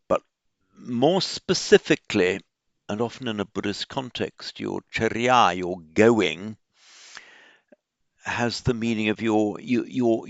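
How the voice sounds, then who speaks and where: A man giving an informal lecture on Buddhist texts, explaining word roots slowly with many fillers and restarts. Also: deep voice, creaky, a bit bright, dry recording. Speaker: teacher of Pali and Buddhist texts. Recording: dull, muffled lo-fi sound.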